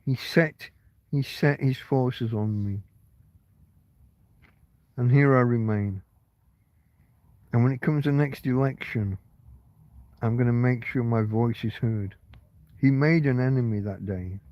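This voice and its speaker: A man's voice: mid-range voice, slow pace, pauses often, warm tone, no echo. Middle-aged guy from england rambling through a story, lots of swearing and restarts, dry close sound. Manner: rambling, emotional, swears a lot, many restarts. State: tearing up. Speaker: vlogger. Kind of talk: casual storytelling monologue.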